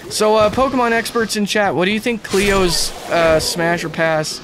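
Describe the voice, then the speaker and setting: A young man chatting loosely over his gameplay in a slightly higher voice, joking and laughing as he plays. Steady noise sits behind his voice throughout. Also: moderate pace. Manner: laid-back, joking, often laughing. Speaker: streamer. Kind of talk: casual gameplay commentary.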